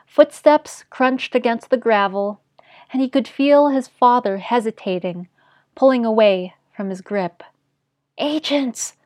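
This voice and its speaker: Measured woman narrating a story. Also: a little high, a little mellow, dry recording, clean studio sound. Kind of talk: scripted narration.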